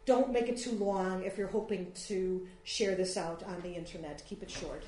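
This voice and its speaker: This woman speaks at normal speed in a fairly low, mellow voice with a steady tone, giving a small audience a casual workshop on free online tools. She rambles a good deal and fills pauses often, and the room sounds echoey with light noise.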